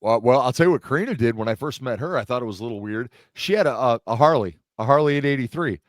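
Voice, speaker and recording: A middle-aged man hosting a podcast in casual chat, an animated storyteller who acts out the people he quotes. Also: medium pitch, quick pace, dry recording, clean studio sound. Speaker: podcast host.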